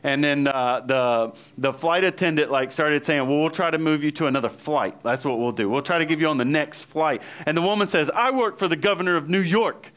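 A man's voice: a little high, fairly quick, few pauses, a bit bright. Chatty man preaching a story-filled sermon. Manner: storytelling, chatty, laughs often, acts out quotes. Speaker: pastor. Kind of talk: conversational sermon.

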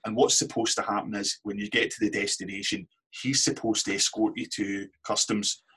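Brief: Scottish man, low husky voice, candid anecdotal guest. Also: little pitch movement, brisk, a bit bright. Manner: candid anecdotal storyteller, swears casually. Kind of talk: casual storytelling interview.

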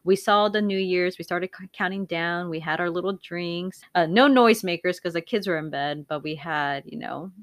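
A woman in her thirties hosting a podcast, telling candid rambling stories with frequent laughs and loud acted-out quotes. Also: fairly low pitch, normal speed, few pauses, no room sound, studio quality. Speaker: podcast host. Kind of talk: casual chat.

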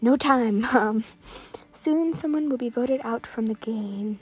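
A female gaming creator giving excited live commentary, rattling off items quickly and sometimes dropping to a whisper. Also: on the high side, breathy edge. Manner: excitable, calls out items rapidly, drops to whispers.

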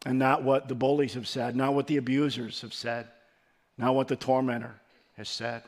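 A man giving a sermon as pastor, earnest and emphatic, his delivery swelling and then dropping low, with the odd stumbling restart. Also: level tone, normal speed.

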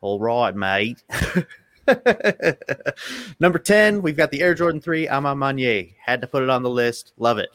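A man's voice: medium pitch, fairly quick, few pauses, fairly bright tone, dry recording, studio quality. A man co-hosting a casual sneaker podcast, laid-back and joking as he reads his list. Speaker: podcast co-host.

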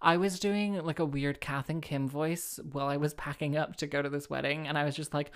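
A woman's voice: deep voice, brisk, few pauses. A woman hosting her own show, talking in a rambling, self-mocking way, full of fillers, restarts and giggles. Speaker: solo show host and harpist. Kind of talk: rambling casual monologue.

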